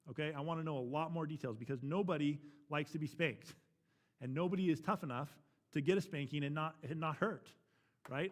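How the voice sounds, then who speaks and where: A man teaching a church parenting class, talking frankly and matter-of-factly, often checking in with "right?". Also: on the high side.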